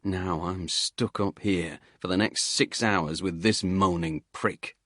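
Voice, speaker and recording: A man's voice: sits low, slow, fairly bright tone, no echo, clean studio sound, exaggerated voice. A man voicing a grumpy, hard-bitten male army instructor who swears and snaps, in an audiobook. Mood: muttering. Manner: curt, swearing, irritable.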